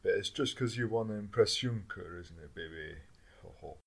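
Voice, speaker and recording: A man voicing a smarmy male political husband in a low, drawling croon. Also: moderate pace, creaky. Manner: low crooning, drawling every line with baby.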